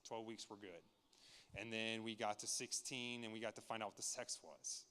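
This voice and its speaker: A man's voice: lowish voice, steady tone, normal speed, pushed and bright. Guy in his 30s telling his testimony at church, earnest, keeps restarting sentences, long echoey hall sound. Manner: candid, earnest storytelling with frequent restarts. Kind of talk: personal testimony to a church congregation. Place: large church sanctuary.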